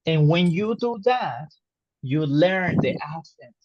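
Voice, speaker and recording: A man teaching an online English lesson, explaining slowly and patiently and checking understanding with questions. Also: fairly high pitch, expressive, no echo, highs cut off. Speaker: English tutor.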